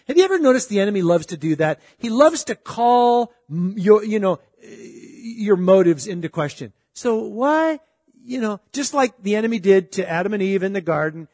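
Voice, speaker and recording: A man's voice: high voice, animated, moderate pace, a little mellow, no echo, clean studio sound, big-room sound. A middle-aged man preaching a sermon in a conversational, emphatic way, often asking his listeners questions. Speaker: pastor.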